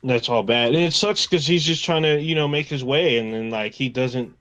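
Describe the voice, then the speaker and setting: A man's voice: fairly high pitch, fairly even intonation, normal speed, fairly bright tone, no room sound, low-quality recording. A man co-hosting a podcast in casual chat. He rambles, swears freely and retells scenes along with his own quoted reactions. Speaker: podcast co-host.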